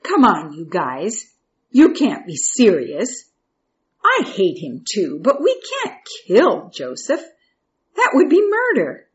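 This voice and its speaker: An earnest, protective eldest brother pleads with his younger brothers, as a woman storyteller puts him on. His voice climbs high and grows urgent. The recording sounds slightly muffled. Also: wildly swooping pitch, takes it slowly. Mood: pleading.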